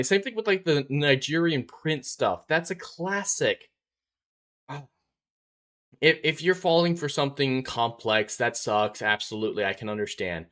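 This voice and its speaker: A man's voice: mid-range voice, lively intonation, unhurried, a bit bright. A man hosting a live stream, chatting casually, reading out viewer comments and laughing often.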